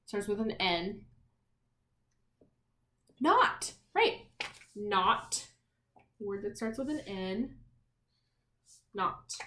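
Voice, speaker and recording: Woman teacher going slow for little kids, sounding out letters, kinda echoey room. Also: mid-range voice, a bit bright. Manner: encouraging, asks questions to the class. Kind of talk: remote lesson for young children.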